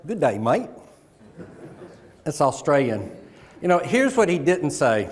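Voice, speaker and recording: A man from the South gives a keynote at a conference. His voice sits a little high, and he talks in a jokey, folksy way. A long reverb fills the large hall around him. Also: darkish tone. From American South. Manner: jokey, folksy, with pauses for laughs. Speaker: keynote speaker. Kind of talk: motivational keynote speech.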